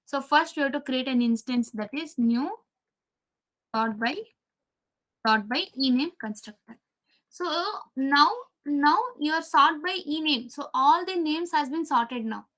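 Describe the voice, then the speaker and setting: High-voiced woman teaching code. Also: fairly bright tone. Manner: repeats phrases, quizzes students. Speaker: programming teacher. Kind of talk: live coding lesson.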